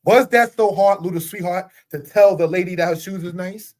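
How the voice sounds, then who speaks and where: High-voiced man giving an earnest lesson. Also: moderate pace, a little mellow. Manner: earnest, repetitive, rhetorical questions. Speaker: Torah teacher. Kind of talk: spoken teaching monologue.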